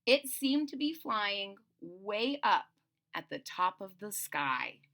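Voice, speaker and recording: A woman reading a children's story aloud in an animated, expressive way, talking to young listeners. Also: medium pitch, takes it slowly.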